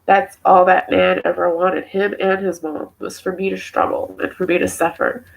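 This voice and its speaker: A woman's voice: fairly low pitch, little pitch movement, moderate pace, creaky, low-quality recording. A young woman and mother, tearful and emotional, venting at length in a personal vlog, rambling with many fillers. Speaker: mother talking to camera.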